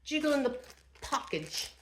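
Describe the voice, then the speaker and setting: A woman's voice: sits high, big pitch swings, measured pace, a bit bright, slight background noise. A woman vlogger narrating casually to herself as she assembles furniture, chatty and self-deprecating.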